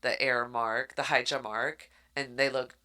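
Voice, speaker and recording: Woman podcast co-host, animated storyteller, bright forward tone. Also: very deep voice, unhurried. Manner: animated storytelling, acts out quotes. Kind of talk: casual chat recapping a book.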